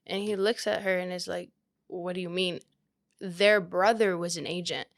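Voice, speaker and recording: A woman's voice: on the low side, moderate pace, creaky. Chatty young woman telling a story. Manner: animated, quotes people often with "like". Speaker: real estate agent, guest. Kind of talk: casual storytelling chat.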